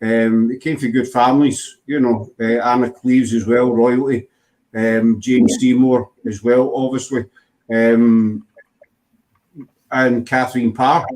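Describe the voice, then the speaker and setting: A Glaswegian man hosting a relaxed chat, a middle-pitched voice. He rambles and often restarts his sentences. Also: slow pace. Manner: rambling, full of fillers and restarts. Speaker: host. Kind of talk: casual chat.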